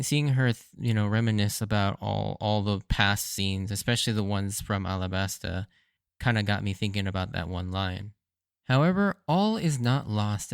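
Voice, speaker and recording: A man's voice: on the low side, dry recording. Dry-voiced man recapping an anime, chuckling. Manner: enthusiastic, laughs often while recapping; casual, filler-heavy with frequent "like". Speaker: podcast host. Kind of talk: solo rewatch commentary.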